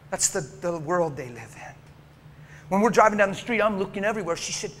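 A man preaching a sermon as he tells a story, dropping to a hush and rising to a shout. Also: sits high, normal speed.

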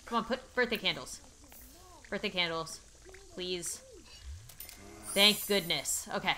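A woman's voice: lowish voice, slow, long pauses, pushed and bright, slight background noise. A woman hosting a let's play video, talking through her game and shrieking at it when things go wrong. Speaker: gaming YouTuber host.

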